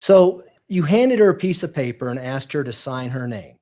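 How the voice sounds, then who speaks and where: A man's voice: medium pitch, expressive, normal speed, dark tone. A man cross-examining a witness in court, pressing his questions insistently and demanding answers. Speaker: prosecutor.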